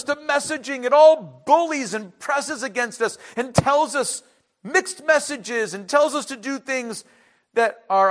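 A man preaching a sermon in a conversational way, asking the listeners questions and repeating words, swinging between loud emphasis and quiet asides. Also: very high voice. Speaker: pastor.

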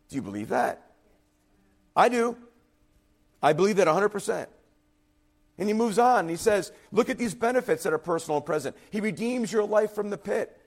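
A man's voice: sits high, animated, moderate pace, pauses often. Earnest, fervent preacher man. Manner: earnest, emphatic preaching with rising intensity. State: voice faltering, drops quiet and husky. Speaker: pastor. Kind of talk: sermon.

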